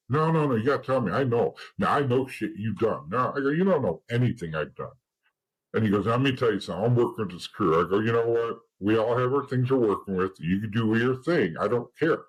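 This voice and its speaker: A man's voice: mid-range voice, animated, a little fast, husky, rough recording. A middle-aged man, a guest in an interview, telling his story in a blunt, profane way and acting out old conversations. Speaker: interview guest, former informant.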